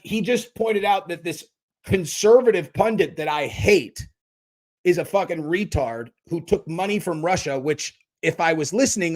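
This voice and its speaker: A man hosting a livestream, ranting and mocking chat commenters with a lot of swearing. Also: high voice. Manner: profane, mocking, talks back to chat. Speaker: livestream host. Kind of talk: casual livestream rant.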